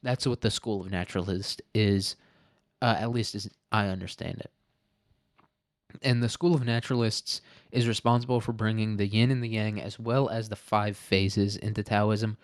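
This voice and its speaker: A man's voice: on the low side, fairly even intonation, normal speed, no echo, studio quality. A man hosting a podcast alone, telling rambling stories in casual, profane talk and laughing often. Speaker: podcast host. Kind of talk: casual solo podcast monologue.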